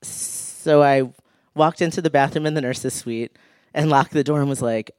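A man's voice: fairly high pitch, normal speed, darkish tone, clear, resonant tone, dry recording, clean studio sound. A man telling a humorous personal story on stage, laughing often and acting out the people he quotes. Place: live stage show.

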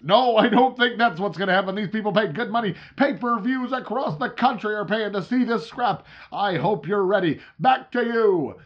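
Man playing a fight announcer, loud, booming, pumped up, higher pitch. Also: normal speed, hardly any pauses, dull audio, lightly acted. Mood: hyped. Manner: booming hype, emphatic.

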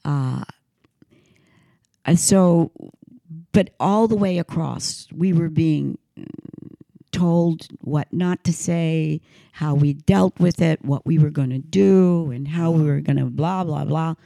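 A woman guest on an interview spinning animated stories, her low voice full of gravel and fry. She stops and restarts mid-sentence as she searches for words, and the sound is dry and close. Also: no echo. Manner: animated anecdotes, halting restarts. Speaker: guest singer. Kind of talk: casual interview storytelling.

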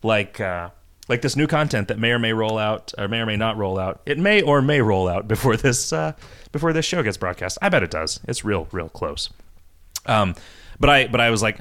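A man's voice: fairly low pitch, expressive, normal speed, fairly bright tone. A man hosting a casual podcast, reading listener questions aloud and rambling about design in a loose, profane way. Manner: loose, profane, rambling with fillers and mocking voices. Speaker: podcast host and game designer.

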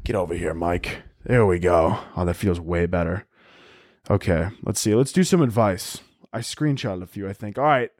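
A man hosting a comedy podcast, telling rambling, profane, self-mocking stories full of restarts and sudden excited yells. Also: moderate pace, dry recording, clean studio sound. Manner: jumps into high excited yells for comic panic. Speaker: podcast host.

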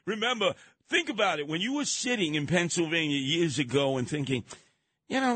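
A man hosting a radio talk show, trading opinions with callers in an animated, mocking way that slips into acted voices. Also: on the high side, fairly quick, no room sound.

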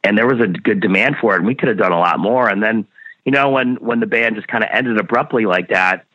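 A man's voice: fairly low pitch, fast talker, pushed and bright, no room sound. A man in his fifties, a guest musician talking in a casual interview, blunt and swearing freely, often repeating words. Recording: dull lo-fi dry sound.

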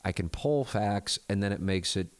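A middle-aged man hosting his own podcast, talking in a calm, measured, conversational way. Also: lowish voice, clear, resonant tone, dry recording. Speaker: podcast host. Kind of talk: casual solo talk and live read.

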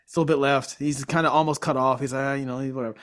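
A man's voice: mid-range voice, rapid-fire. A man co-hosting a casual golf podcast, telling stories and acting out what people said. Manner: animated storyteller, acts out quotes. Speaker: podcast co-host.

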